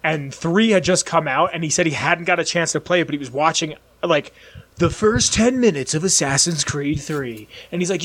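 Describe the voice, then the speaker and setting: High-voiced excitable young man telling a story. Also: moderate pace. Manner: excitable, rambling, acts out voices in his stories. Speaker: podcast co-host. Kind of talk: casual chat, animated storytelling.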